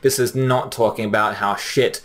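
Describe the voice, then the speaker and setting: A young man giving casual, chatty commentary, often pausing with fillers and restarting his sentences. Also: lowish voice, fairly even intonation, a bit bright. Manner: chatty, frequent fillers, restarts, reads quotes plainly. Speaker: anime commentary host. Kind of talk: casual commentary comparing dub lines.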